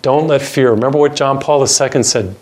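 An older man, a Catholic priest, telling a personal story in an earnest sermon and slowing down to stress key words. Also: medium pitch, a little mellow.

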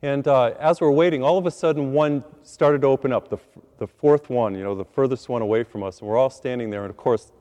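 A man, a priest, preaching a sermon as a lively, self-deprecating story, acting out his own reactions. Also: medium pitch, quick pace. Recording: long hall reverb.

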